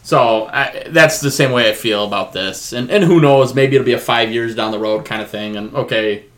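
Man, bright forceful voice, podcast co-host, animated, reads out news. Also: mid-range voice. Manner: animated, quick to joke, reads news items aloud. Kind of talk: casual podcast chat.

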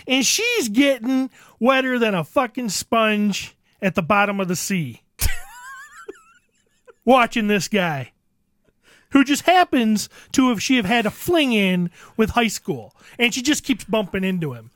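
Brief: foul-mouthed exasperated comic storyteller, mid-pitched voice, dead-dry mic. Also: expressive, a little slow, a bit bright, no room sound. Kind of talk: profane comedic rant.

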